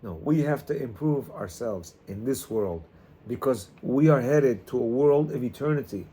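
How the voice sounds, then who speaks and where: A man's voice: mid-range voice, expressive, moderate pace, dark tone, slightly rough. A man teaching a Torah class to students, emphatic and repetitive in his delivery. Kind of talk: animated class talk.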